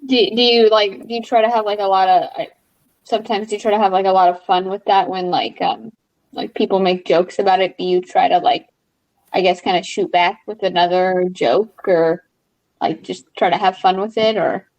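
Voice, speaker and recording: Female interviewer, hesitant questions full of likes, mid-pitched, dull lo-fi recording. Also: fairly even intonation, moderate pace, a little mellow. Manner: hesitant, many likes and restarts. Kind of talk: casual interview.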